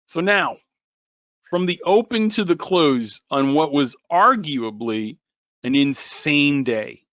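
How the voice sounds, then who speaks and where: A man hosting a live trading webinar, joking and animated as he talks to viewers by name. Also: on the high side, no echo. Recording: dull lo-fi webinar audio.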